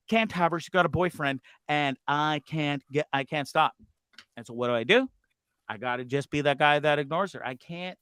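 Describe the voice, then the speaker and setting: A man's voice: fairly high pitch, smooth, dry recording. A man hosting a live talk show, telling a rambling, confessional story full of swearing, fidgety and nervous as he talks. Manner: rambling, confessional, swears a lot, quick swings between loud and muttered. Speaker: host. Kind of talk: casual live show monologue.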